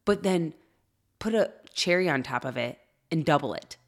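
A woman's voice: low voice, normal speed. A woman in her thirties, a podcast co-host, telling a personal faith story in casual conversation and acting out the reactions of people in it. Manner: animated, acts out quoted reactions.

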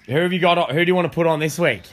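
A man with an Australian accent hosting a casual chat, jokey and quick to laugh. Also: on the high side, fairly bright tone. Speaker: podcast host. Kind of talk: casual banter.

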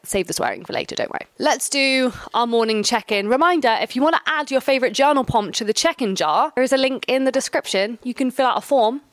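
A woman's voice: fairly high pitch, no room sound. Chatty young woman, dry close sound. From England. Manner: chatty, warm-hearted, rambling asides. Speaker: podcast host. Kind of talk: casual solo podcast chat.

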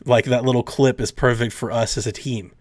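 A man hosting a casual podcast, rambling and acting out his friends' lines in quick voices. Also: mid-range voice, steady tone, no room sound. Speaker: podcast host.

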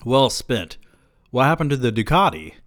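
A man's voice: mid-range voice, big pitch swings, normal speed, a bit bright, no room sound, studio quality, voice pushed up. A man voicing a cocky, druggy adult male friend who wisecracks in a smug tone. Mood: sardonic.

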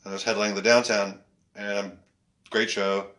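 A male stand-up comedian telling stories in casual chat, animated and laughing often, swearing freely. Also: on the low side, moderate pace. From Canada.

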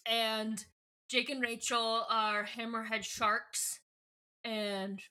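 A woman co-hosts a podcast and talks through a book's plot in a loose, chatty way. She stumbles, restarts and corrects herself as she goes. Her voice is bright and sits a little high. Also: flat delivery, extremely slow. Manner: rambling, many fillers and self-corrections. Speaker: podcast co-host. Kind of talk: casual book recap chat.

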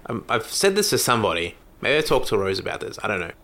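A low-pitched Australian man with a bright, forceful tone. He rambles through casual stories, restarting sentences and poking fun at himself. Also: sing-song, quick pace. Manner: rambling, self-deprecating, many restarts. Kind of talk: casual chat.

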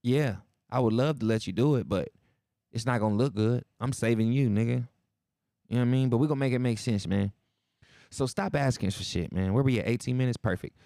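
A man's voice: mid-range voice, a little fast, gravelly, warm tone, dry recording, studio quality. A man hosting a podcast, talking alone in a loose, profane, slang-heavy style, acting out the people in his stories. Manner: loose, profane storytelling with slang and reenacted dialogue. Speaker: podcast host. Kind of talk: casual monologue.

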